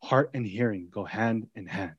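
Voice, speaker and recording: Conversational pastor with big swings in emphasis. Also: male voice, lowish voice, moderate pace, husky, dry recording, highs cut off. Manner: conversational, swings between loud emphasis and quiet intimate asides. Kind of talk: expository sermon.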